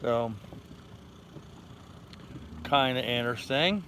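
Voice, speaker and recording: A man's voice: mid-range voice, animated, slow pace, bright, forceful tone. Older man chatting on a noisy boat. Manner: rambling, easygoing, reads viewer comments aloud. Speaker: vlog host. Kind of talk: casual livestream chat. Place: on a sailboat in a harbor.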